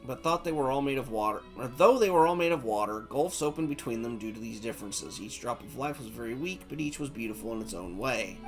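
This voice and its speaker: A man reading game dialogue aloud as a gentle, wistful female doll who tends flowers, with soft lilting rises. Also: medium pitch, a little fast, few pauses, soft background music, pitched below the performer's own voice, close to an everyday voice. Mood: reflective.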